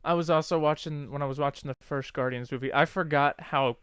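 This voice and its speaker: A man's voice: on the high side, fairly even intonation, brisk, a bit bright, clear, resonant tone, no room sound, clean studio sound. A man co-hosting a podcast in casual chat, laughing often and acting out movie lines. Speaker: podcast co-host.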